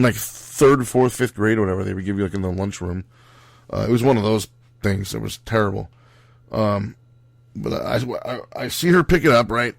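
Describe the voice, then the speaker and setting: A young man tells a story on his podcast in a low voice. He rambles and stumbles, full of fillers and restarts, and he is blunt and foul-mouthed. The recording is close and dry. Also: vocal fry, no echo. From Italian-American background. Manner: rambling, lots of fillers and self-corrections; blunt and profane. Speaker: podcast host telling a wrestling road story. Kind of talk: casual storytelling monologue.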